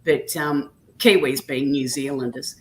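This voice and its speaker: Australian woman, low voice, chatty storyteller, casual livestream guest. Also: fairly even intonation, a little slow, poor audio. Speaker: guest on a live chat stream. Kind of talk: casual chat.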